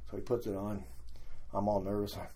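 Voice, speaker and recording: Older guy, low husky voice, casual storytelling, acts out the quotes. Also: brisk. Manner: animated anecdotes, acting out quoted voices. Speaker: guest.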